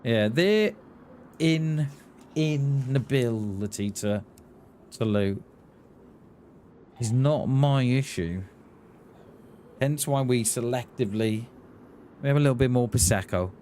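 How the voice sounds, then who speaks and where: Slow-talking man streaming a game. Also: medium pitch, mellow, slight background noise. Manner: rambling, chatty, quick to laugh at himself. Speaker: gaming streamer. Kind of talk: casual live-stream chat while gaming.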